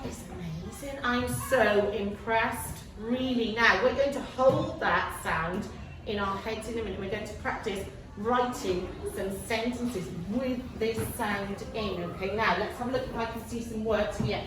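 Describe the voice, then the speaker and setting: A woman's voice: fairly high pitch, measured pace. A woman teaching children a phonics lesson, encouraging and sing-song, with lots of praise. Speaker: primary school teacher. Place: classroom. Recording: echoey classroom from far off, noisy.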